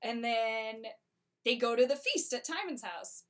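Young woman, casual, wry plot recap, slightly high pitch. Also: animated, unhurried, a bit bright. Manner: wry, chatty, full of filler words. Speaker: storyteller summarizing a play.

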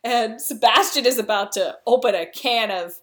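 In a higher-pitched voice at normal speed, a young woman sums up a comic play in casual slang, now and then slipping into the characters' lines.

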